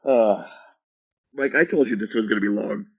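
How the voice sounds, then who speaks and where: A man's voice: fairly low pitch, normal speed, breathy edge. A man chatting as a podcast guest, self-deprecating with dry asides, on a dull lo-fi mic. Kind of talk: casual podcast chat.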